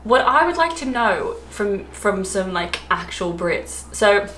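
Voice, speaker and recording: A woman's voice: mid-range voice, big pitch swings, slow pace, a bit bright, a little hiss or hum. A woman with an Australian accent, chatting casually to camera, rambling and often laughing. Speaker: travel vlogger. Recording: echoey room, faint ambience.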